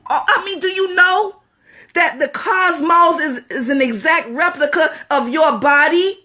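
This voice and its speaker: High-voiced woman giving an impassioned spiritual talk. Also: sharp tone. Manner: emphatic, preachy, repeats phrases for stress.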